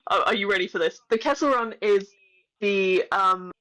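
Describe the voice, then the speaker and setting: A woman's voice: mid-range voice, normal speed, bright, forceful tone, low-quality recording. A woman co-hosting a podcast, chatting casually with lots of laughter and self-deprecating asides. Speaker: podcast co-host. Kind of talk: casual chat.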